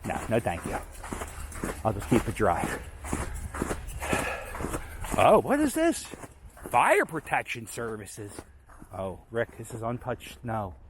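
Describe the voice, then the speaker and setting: A man's voice: medium pitch, sing-song, a little slow. A man rambling casually while he walks a snowy abandoned waterfront, chatting to his dog on a handheld camera. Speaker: vlogger exploring abandoned sites. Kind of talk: casual walking commentary. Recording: outdoor noise.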